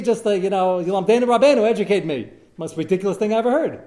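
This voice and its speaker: A man with a somewhat high voice leads a Torah lecture as a rabbi. He tells his cases in lively, animated bursts, breaking off and restarting as he goes and dropping Hebrew and Yiddish words into his English. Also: quick pace. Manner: animated storytelling, mixing in Hebrew and Yiddish terms; talks in short bursts with frequent fillers and restarts. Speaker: rabbi answering questions of Jewish law.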